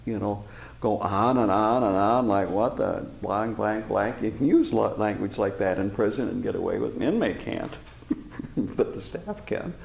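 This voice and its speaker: A male Buddhist teacher gives a dharma talk, easing through his stories with fillers and soft chuckles. His voice is deeply gravelly, and its pitch rises and falls in a lively way. The room sound is roomy and reverberant, like a meditation hall. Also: moderate pace. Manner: relaxed storytelling with frequent fillers and chuckles. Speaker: Buddhist teacher and former prison chaplain. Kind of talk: dharma talk to a live audience.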